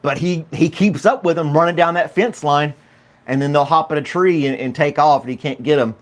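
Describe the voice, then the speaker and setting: A man with a fairly high voice and slightly fast pace hosts a casual morning livestream, chatting and rambling, greeting viewers by name and laughing often.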